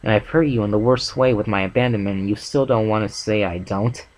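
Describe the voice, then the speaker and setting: A man's voice: fairly low pitch, brisk, a little mellow, slight background noise, natural voice, rough recording. A man voicing a blunt, remorseful tomboy female pony in an amateur fanfic reading, in a plain, subdued voice. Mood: regretful.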